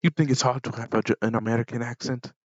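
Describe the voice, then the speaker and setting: A man's voice: medium pitch, steady tone, fast, dry recording, lo-fi sound, voice pushed up, natural voice. A man voicing a scornful, scheming father character who mocks Americans in a sarcastic, sneering tone. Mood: mocking.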